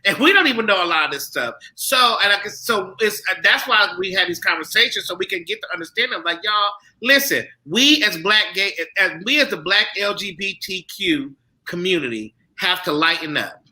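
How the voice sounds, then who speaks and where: A man co-hosting a discussion panel, talking in a conversational, animated way and often repeating himself. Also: high-pitched, fairly quick, hardly any pauses, poor audio.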